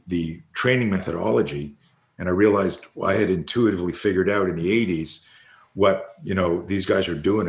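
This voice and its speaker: A man's voice: sits low, reverberant. An older man telling rambling stories in casual conversation, swearing freely and acting out what people said. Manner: rambling storyteller who swears freely and acts out quotes. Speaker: podcast guest, fear coach.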